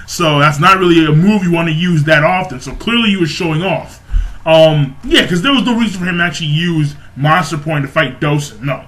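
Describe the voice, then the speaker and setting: A young man with a high, bright voice talks through a comic chapter in a loose, rambling way. He swears freely, bursts into exclamations and laughter, and keeps restarting his sentences as he builds up to his take. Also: brisk. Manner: excitable, profane, laughs and exclaims often; rambling with many fillers and restarts. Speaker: manga chapter reviewer. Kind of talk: casual excited recap and commentary.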